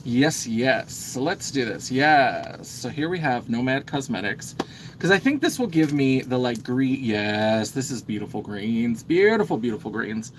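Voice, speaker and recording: A man's voice: medium pitch, sing-song, slight background noise. A man, a drag performer, chatting casually on a livestream while doing his makeup, rambling with lots of fillers and trailing off as he works. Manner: talks while busy with makeup, pausing and trailing off. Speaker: drag performer getting ready for a show.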